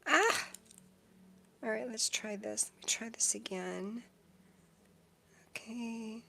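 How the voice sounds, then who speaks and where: A woman's voice: on the high side, takes it slowly, gravelly, sharp tone, slight background noise. A woman live-streaming tarot readings, chatting casually with viewers and using lots of fillers as she reads the cards. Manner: chatty, many fillers, thanks viewers often.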